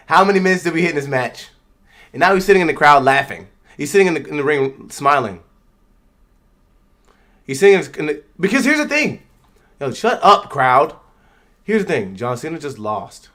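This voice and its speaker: A man's voice: a little high, a bit bright. A man hosting a livestream, giving slangy, loose live reaction commentary and talking back at the screen. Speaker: livestream host.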